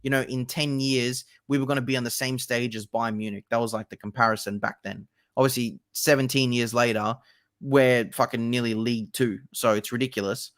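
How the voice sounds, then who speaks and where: A man's voice: mid-range voice, steady tone, fairly quick, a bit bright, dry recording, studio quality. A young man hosting a casual football chat, ranting with passion and swearing freely. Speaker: host.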